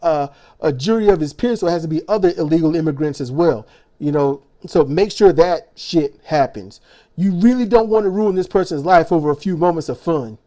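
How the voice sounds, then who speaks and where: Sarcastic man ranting, mellow voice. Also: sits high. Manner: angry, profane, sarcastic ranting with stumbling restarts. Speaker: reaction video host. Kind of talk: ranting commentary.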